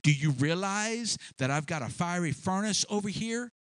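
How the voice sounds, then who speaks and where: A man voicing a proud, boastful ancient king who brags in drawn-out, self-important words. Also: high-pitched, animated, clear, resonant tone, dry recording, voice pushed up. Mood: scolding.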